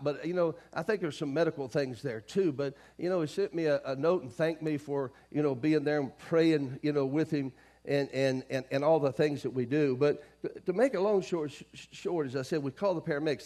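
A middle-aged man preaching a sermon from the pulpit, calling out to his congregation and swinging from quiet storytelling to loud emphasis. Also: on the high side, brisk. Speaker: pastor. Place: church sanctuary.

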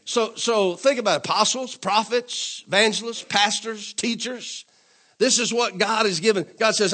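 Male preacher, high-pitched voice, call-and-response sermon style, repetitive and emphatic, church setting. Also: normal speed. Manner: call-and-response preaching, asks congregation to say amen; repetitive, emphatic, rising to louder declarations.

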